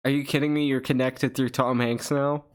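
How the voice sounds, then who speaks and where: A man's voice: medium pitch, level tone, moderate pace, clear, resonant tone. A man hosting a casual livestream, rambling through chat questions with profane joking accusations. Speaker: channel host.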